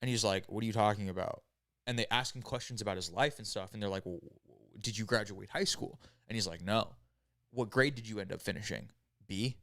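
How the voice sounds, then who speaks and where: Low-voiced man telling a rambling story. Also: a little fast, a bit bright, no room sound, clean studio sound. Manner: rambling, profane, lots of "right?" and "like". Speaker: podcast host. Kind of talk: casual storytelling with friends.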